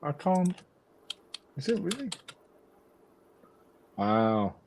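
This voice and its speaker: A man's voice: a little high, very animated, very slow, darkish tone, a little hiss or hum. A man co-hosting a livestream in casual chat, reacting and thinking aloud as he searches. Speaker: co-host of a film collecting livestream.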